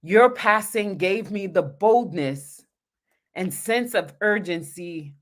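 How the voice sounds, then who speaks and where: A woman's voice: mid-range voice, expressive, slow pace. A woman pastor reading a heartfelt dedication from her own book on a livestream, talking directly to her viewers.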